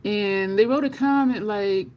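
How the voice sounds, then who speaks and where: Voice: medium pitch, a little slow, highs cut off. A makeup livestream host chatting casually with viewers while applying makeup, laughing often and cursing now and then in conversation.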